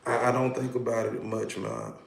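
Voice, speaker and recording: A man's voice: fairly low pitch, big pitch swings, normal speed, creaky, roomy sound. A man, a hypnotherapist, hosting a casual livestream, talking animatedly and greeting viewers by name.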